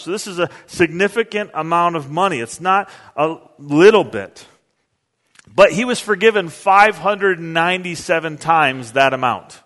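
A man's voice: high voice, a bit bright. A man preaching a sermon in an earnest, conversational way, reading scripture and explaining it. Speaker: pastor. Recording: long hall reverb.

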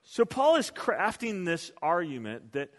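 A man preaching a sermon as pastor, an animated storyteller who often repeats words as he goes. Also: high-pitched, a little slow. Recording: long hall reverb.

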